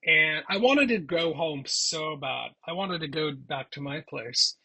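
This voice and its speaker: A man vlogger tells a personal story in a loose, chatty way, often restarting his sentences. His voice is husky yet bright and forward, sitting a bit above the usual male pitch. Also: unhurried, poor audio. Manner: chatty, rambling with frequent restarts. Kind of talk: casual storytelling.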